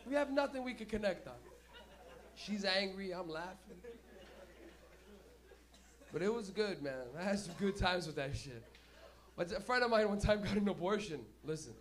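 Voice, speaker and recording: High-voiced man doing loose stand-up. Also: lively intonation, normal speed, pauses often. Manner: loose, profane, laughs at his own jokes. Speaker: stand-up comedian and host. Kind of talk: stand-up comedy. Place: comedy club stage.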